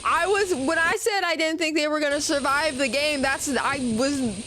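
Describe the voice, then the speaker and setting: A woman streamer giving a live gameplay reaction, excitable and swearing, with frequent laughs. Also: high-pitched, normal speed, noisy background. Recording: game music behind.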